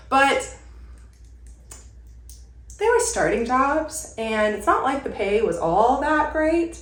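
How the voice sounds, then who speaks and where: A woman's voice: a little high, expressive, takes it slowly, long pauses, fairly bright tone. A young woman chatting casually to her viewers from a room at home, rambling and filling her talk with "like". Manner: chatty, rambling, lots of "like" fillers. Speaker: content creator. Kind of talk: casual vlog chat. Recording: roomy echo.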